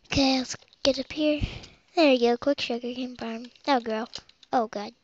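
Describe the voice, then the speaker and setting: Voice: high voice, steady tone, moderate pace, a little hiss or hum. A child rambling through game commentary as host of their own let's play, with muttered asides. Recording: dull lo-fi home recording.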